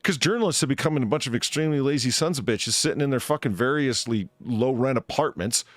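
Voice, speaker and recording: A man's voice: medium pitch, lively intonation, fast talker, no echo. A man hosting a casual comedy podcast, reading news items and ranting about them with lots of swearing. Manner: ranting, profane, reads news items then riffs. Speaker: podcast host.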